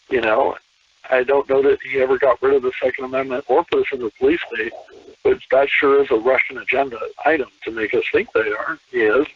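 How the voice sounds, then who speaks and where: A man, a podcast guest, talking in an animated casual way with many restarts and repeated words. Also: medium pitch, a little fast, slightly rough, no room sound, distant mic. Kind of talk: casual conversation. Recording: tinny phone-line call.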